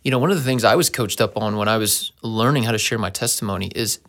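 Earnest man with a gravelly voice. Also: lowish voice, fast, fairly bright tone. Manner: earnest, anecdotal storytelling. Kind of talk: casual conversation.

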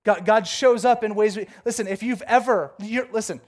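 A man with a fairly high voice delivers a sermon. He reads scripture aloud, then breaks into casual, jokey storytelling full of excited asides. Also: moderate pace. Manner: animated, jokey storytelling with big pitch swings. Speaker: pastor.

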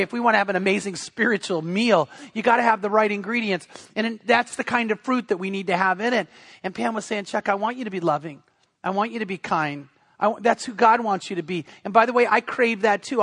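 A man's voice: high-pitched, a bit bright. A man, the pastor, giving a sermon in an earnest, conversational preaching manner.

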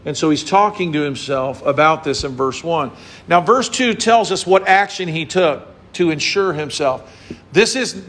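A man preaching a sermon to his congregation, acting out little scenes and voices as he explains a psalm. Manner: animated, acts out scenes and voices with big pitch swings. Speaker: pastor.

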